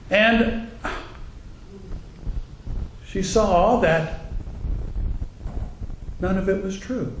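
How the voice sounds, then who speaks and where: A high-voiced male minister preaches slowly and with wry humor, slipping into the voices he quotes. His words ring through an echoey church, with a faint hum of ambience behind him. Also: a little mellow. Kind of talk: sermon with humor.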